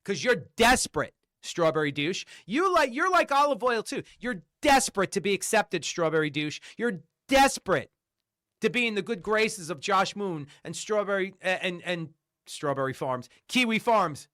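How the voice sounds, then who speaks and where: Speaking at a moderate pace, a man with a high, very animated, pushed and bright voice rages on a livestream. The rant is profane and repetitive, driven by combative rhetorical questions he hammers over and over.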